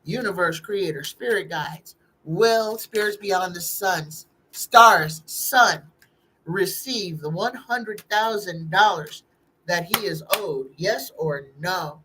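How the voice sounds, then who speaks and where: A woman's voice: fairly low pitch, slow pace, bright, forceful tone, slight background noise, rough recording. A woman, a psychic host chatting casually on a live-stream tarot reading, reading viewer questions aloud and greeting chatters by name.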